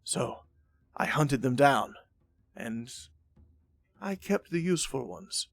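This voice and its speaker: A man voicing a shrewd, ruthless male caravan lord with a grand, booming manner in a tabletop game. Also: expressive, slow, vocal fry, soft background music. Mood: scheming.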